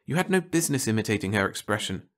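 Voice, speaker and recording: A man's voice: fairly low pitch, big pitch swings, fast talker, fairly bright tone. A man voicing a stern, controlled alien who reproves his companion, in a read-aloud story.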